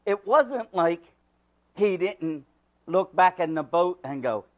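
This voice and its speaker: High, animated man preaching slowly. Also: lo-fi sound. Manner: swings from hushed asides to loud emphatic preaching; repeats key words for emphasis. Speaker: pastor. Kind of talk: sermon.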